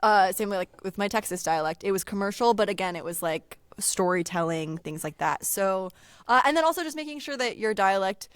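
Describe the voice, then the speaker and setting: A woman's voice: medium pitch, expressive, fairly quick, smooth, dry recording, studio quality. A woman voice actor talking casually as a guest in an interview, chatty and full of filler likes.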